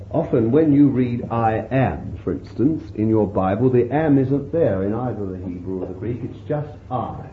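A man preaches slowly, his pitch rising and falling freely as he muses over his text. The recording is thin and phone-like, with a roomy echo around his voice. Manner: slow, unhurried preaching with lively pitch and warm chuckles. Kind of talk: sermon. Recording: roomy, tinny phone-like sound with faint hiss.

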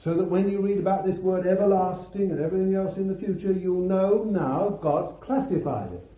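A man preaching a sermon with fervor, calling out hallelujahs and swinging between loud bursts and hushed words. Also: high-pitched. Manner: slow deliberate delivery, stretching key words. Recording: echoey hall, tinny lo-fi sound.

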